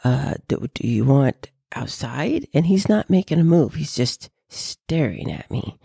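A woman vlogger chatting casually to her viewers in an animated way. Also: very deep voice, measured pace, creaky, slightly rough, no room sound, clean studio sound. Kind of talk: casual chat.

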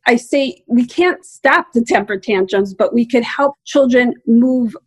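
A woman's voice: on the high side, measured pace, slightly rough, dry recording. A woman in her forties, a parenting expert guest, explaining earnestly in an interview and repeating her key points. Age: 40s. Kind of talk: interview answers.

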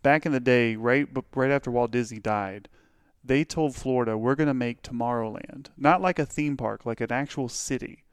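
A man in his thirties, co-hosting a podcast in casual chat. He explains at length and tells stories. His voice is smooth and clear, recorded dry and close. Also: mid-range voice, moderate pace, no echo. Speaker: podcast co-host.

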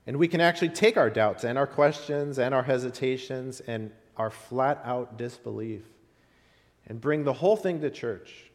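A man preaching a sermon as pastor, telling stories with rising and falling emphasis. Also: mid-range voice. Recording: long hall reverb.

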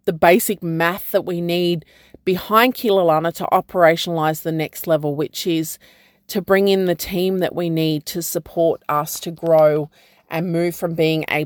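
A woman, speaking in a gentle, reflective way as she shares a personal vlog update and spiritual encouragement. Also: fairly low pitch, no room sound, clean studio sound. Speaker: program founder and guide.

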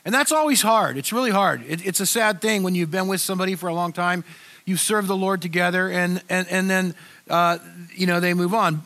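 An older man preaching as a pastor, talking to his congregation in a relaxed, conversational way with frequent restarts and fillers. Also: high voice. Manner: conversational, halting with many restarts. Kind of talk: sermon.

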